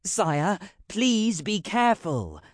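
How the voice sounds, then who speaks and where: A man's voice: high voice, very animated, slow, dry recording, studio quality, pitched above the performer's own voice, full character voice. A man voicing a worried, formal royal aide in an audiobook, speaking deferentially to his king. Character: fussy anxious male royal aide.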